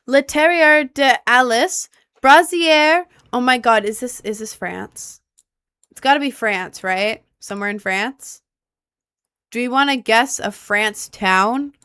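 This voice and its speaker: Unhurried young woman thinking aloud. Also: fairly high pitch, bright, forceful tone, smooth, no echo, studio quality. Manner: thinking aloud, asks chat for help. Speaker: streamer. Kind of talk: casual gameplay commentary.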